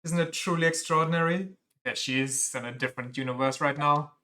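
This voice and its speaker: Man doing a raised voice, gushing young woman, bookish assistant, bright tone. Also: fairly high pitch, fairly quick, a little hiss or hum. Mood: awed. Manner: gushing, breathless enthusiasm.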